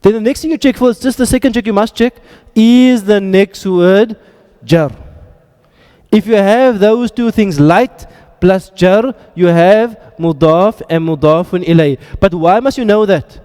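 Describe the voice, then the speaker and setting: A man's voice: sits high, measured pace, a little mellow, big-room sound. Joking, quizzing male Arabic teacher. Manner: quizzing students, joking asides. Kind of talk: classroom lecture with drills. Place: classroom.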